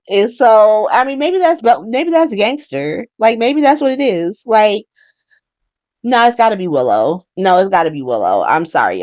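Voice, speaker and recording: A woman hosting a casual soap opera recap, talking in an animated, profane way with laughing asides. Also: mid-range voice, no room sound, studio quality.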